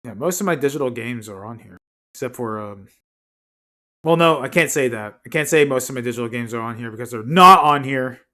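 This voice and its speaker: A man's voice: mid-range voice, fairly quick, pushed and bright. Rambling male streamer, casual chat. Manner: rambling, self-correcting asides.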